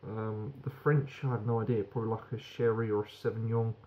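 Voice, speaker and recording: A man's voice: on the low side, steady tone, fairly quick, dull audio. A British man giving a frank, rambling beer review that swears casually.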